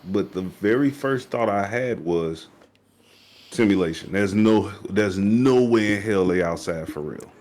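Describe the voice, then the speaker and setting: A young man co-hosting a podcast, teasing his friend and joking in relaxed, slangy talk. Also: on the low side, unhurried. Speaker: podcast co-host. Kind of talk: casual reaction chat.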